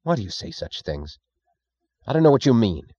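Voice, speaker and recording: A man's voice: mid-range voice, very animated, normal speed, warm tone, no room sound, highs cut off, pitched above the performer's own voice. A man voicing a blustering, anxious political boss in an audiobook, defensive and flustered. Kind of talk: audiobook character voice.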